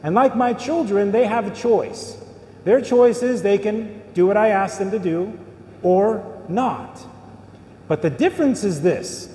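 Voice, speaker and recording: Priest preaching in an echoey church. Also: male voice, sits high, a little slow, dark tone. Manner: conversational preaching with rhetorical questions. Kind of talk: sermon. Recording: echoey church hall with long reverb.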